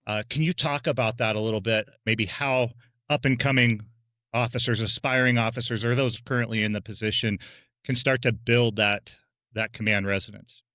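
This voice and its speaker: A man's voice: medium pitch, fairly even intonation, normal speed, pushed and bright, no room sound, studio quality. A man hosting a podcast interview as a deputy fire chief, asking questions in a conversational way and building on his guest's points.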